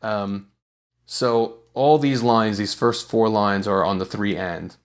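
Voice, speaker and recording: A man explaining songwriting in a casual video tutorial, talking in a relaxed way with lots of small fillers and restarts. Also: on the low side, slow. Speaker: songwriting teacher.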